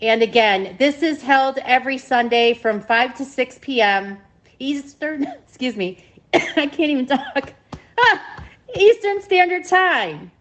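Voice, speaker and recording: A woman hosting a live-streamed matchmaking show, gushing and excitable, squealing when pleased. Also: high-pitched, takes it slowly.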